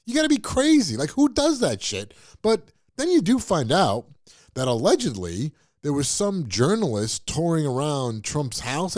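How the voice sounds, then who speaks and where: A man's voice: fairly high pitch, no echo, studio quality. A male show host giving a blunt, profane, scoffing commentary monologue.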